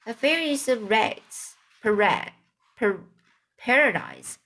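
A woman's voice: fairly high pitch, animated, slow pace, a bit bright, heavily acted. A woman voicing a knowing old sheep, persuasively listing treats in a storybook reading.

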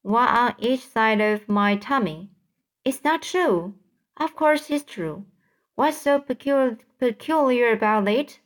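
A woman's voice: a little high, expressive, slow pace, voice pushed up. A woman reading a storybook aloud and voicing a kindly, proud old male grasshopper who lectures fussily and trips over words. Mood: gentle. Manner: fussy, lecturing, stumbles on words.

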